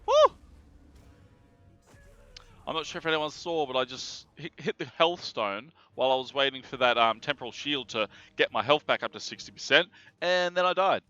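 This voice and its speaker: Australian male streamer, casual play-by-play with plenty of swearing, sharp-toned, muffled stream sound. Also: mid-range voice, a little fast, few pauses. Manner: chatty, swears freely, reacts aloud to the game. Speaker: game streamer. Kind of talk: casual live gameplay commentary. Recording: dull lo-fi stream audio with game music.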